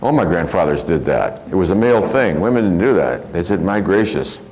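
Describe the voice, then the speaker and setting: Older man with a very low voice. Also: big pitch swings, brisk, noisy background. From American Midwest. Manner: rambling, reflective, chuckling storyteller. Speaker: spiritual teacher. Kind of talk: spiritual lecture.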